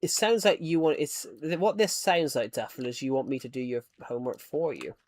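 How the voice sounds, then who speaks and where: A man's voice: mid-range voice, very animated, brisk. Rambling man chatting casually. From United Kingdom. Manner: rambling, many false starts and restarts. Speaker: Minecraft streamer. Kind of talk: casual chat while gaming.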